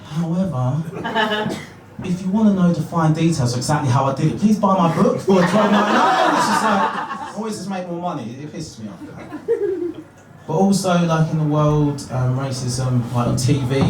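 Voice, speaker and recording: A young man from Harlow with an Essex accent, performing a live stand-up set in an animated, sweary, self-mocking way. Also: mid-range voice, background noise. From Harlow, Essex, England. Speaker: stand-up comedian. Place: small pub theatre room. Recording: echoey room heard from far off, loud audience laughter.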